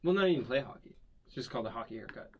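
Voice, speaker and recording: Fast-talking joking podcast host man. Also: medium pitch, lively intonation, highs cut off, a little hiss or hum. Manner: joking, brisk banter. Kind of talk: casual interview chat.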